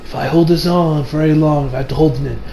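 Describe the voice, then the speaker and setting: A man's voice: on the high side, fairly even intonation, fast, vocal fry, mellow, slight background noise, low-quality recording. A young man casually recapping an anime episode, rambling with lots of fillers and laughs. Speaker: anime reviewer.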